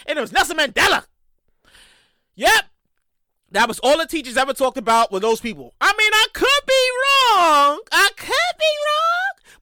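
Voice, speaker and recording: A man hosting a solo comedy podcast, telling profane stories with frequent shouted outbursts. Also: extremely high pitch, no echo, clean studio sound. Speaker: podcast host.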